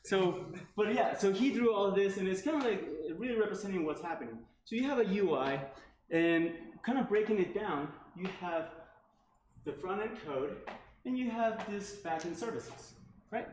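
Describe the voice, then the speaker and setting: A man with a slightly high voice gives a relaxed tech talk at a meetup, leaning on filler words and asking the room "right?" often. The sound is echoey, as if recorded in a room, with faint noise underneath. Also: moderate pace. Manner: casual, filler-heavy, frequent "like" and "right?". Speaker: meetup speaker.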